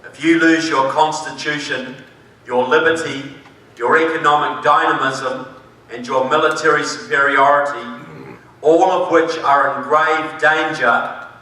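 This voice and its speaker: A man's voice: fairly high pitch, fairly even intonation, measured pace, bright, forceful tone. A man from New Zealand with a New Zealand accent, giving a conference speech with emphatic delivery and dry humor. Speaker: conference speaker. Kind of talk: public speech. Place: large conference hall. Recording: echoey hall, distant mic.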